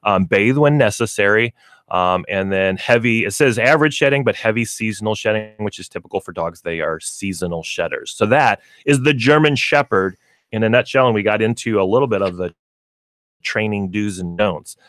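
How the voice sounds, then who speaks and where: A man with a fairly low voice hosts a pet advice radio show, talking in a relaxed, folksy way and now and then acting out little lines for dogs and owners. The sound is dry and close to the mic. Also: normal speed, dry recording. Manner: folksy, explains with acted dog and owner voices. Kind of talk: casual radio talk on pet training.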